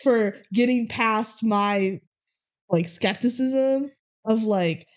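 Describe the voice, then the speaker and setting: A young woman co-hosting a podcast in casual chat, animated and acting out quotes with big pitch jumps. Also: slow. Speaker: podcast co-host.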